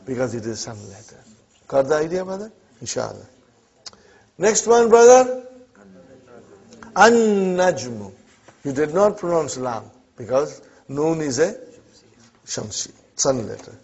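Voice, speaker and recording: A man's voice: on the high side, big pitch swings, a little slow, creaky, a little mellow, husky. A man teaching an Arabic class, quizzing students with short "huh?" prompts and explaining each example. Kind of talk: classroom lesson. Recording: dull lo-fi classroom recording.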